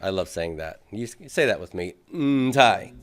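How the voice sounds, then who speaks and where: This Greek grammar lecture comes from a man whose voice is low-pitched and a little fast. Patient throughout, he works through board examples, quizzes his class, and reasons aloud with frequent fillers.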